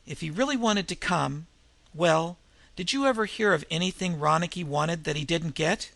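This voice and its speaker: A man's voice: on the high side, moderate pace, gravelly, bright, forceful tone, no echo. A man voicing a young woman who speaks earnestly and steadily through her sadness. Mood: wistful. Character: Ruth, young woman, sad yet steady.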